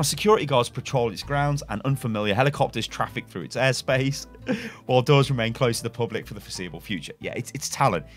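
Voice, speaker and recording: A young man thinks out loud in front of his webcam, reading bits of text and guessing at what they mean. His voice rises and falls a lot as he rambles, stumbles over words and corrects himself with little chuckles. Faint music plays behind him. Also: mid-range voice. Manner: rambling speculation with frequent self-corrections and chuckles. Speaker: gaming YouTuber. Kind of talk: casual reaction commentary and reading aloud. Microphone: webcam setup at a desk.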